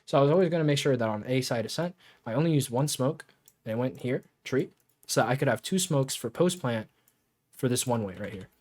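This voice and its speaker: Male coach, mid-pitched, easygoing, talks players through their mistakes with a chuckle and a loose tongue. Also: lively intonation, brisk, darkish tone. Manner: laid-back, chuckles often, swears casually. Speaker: game coach. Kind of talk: casual coaching talk over gameplay footage.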